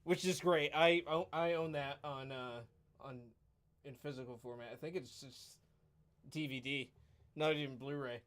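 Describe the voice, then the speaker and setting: A man's voice: medium pitch, fairly even intonation, moderate pace, a bit bright. A man co-hosting a podcast in casual chat, telling stories in an easygoing way and chuckling often. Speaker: podcast co-host.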